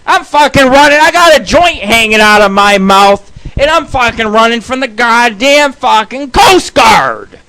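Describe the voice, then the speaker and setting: A man rambles through profane tales on his radio show. His voice sits high and bright, and he swears nonstop as he talks. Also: expressive, a little slow. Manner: crude, rambling, heavy swearing. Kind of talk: profane storytelling monologue.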